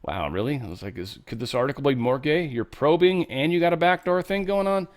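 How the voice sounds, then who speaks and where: A man's voice: on the high side, animated, a little fast. A man hosting a casual news commentary show, reading headlines with sarcastic, offhand asides. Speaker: host.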